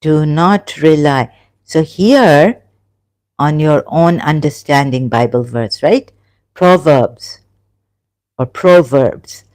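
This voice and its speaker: Live-stream host, slow and halting, thinks aloud, dry close sound. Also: mid-range voice, darkish tone, no room sound. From England. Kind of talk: casual live-chat discussion.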